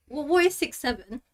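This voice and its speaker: A woman from the UK with a London accent, a podcast guest chatting casually and giggling often. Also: high-pitched. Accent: London English. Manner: giggly, relaxed. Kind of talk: casual chat.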